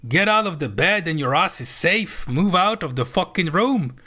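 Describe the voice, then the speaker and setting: Here a French streamer rants with bluntness and plenty of cursing, repeating himself for emphasis. The male voice is a little high, with a sharp tone and lively intonation, moving at a moderate speed.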